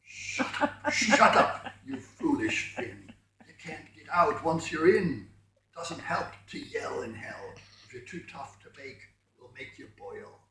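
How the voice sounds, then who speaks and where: A man reading a poem aloud and voicing a scornful male devil in a low, slow, sneering voice. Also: animated, fairly bright tone, a little hiss or hum. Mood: gloating. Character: scornful male devil stoking hell's fire. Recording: very echoey room, mic far off.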